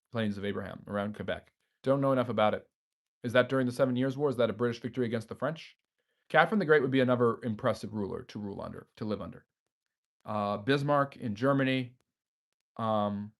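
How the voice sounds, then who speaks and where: A man hosting a history live stream, reading viewers' chat messages aloud and answering them off the cuff with frequent fillers. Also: medium pitch. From United States.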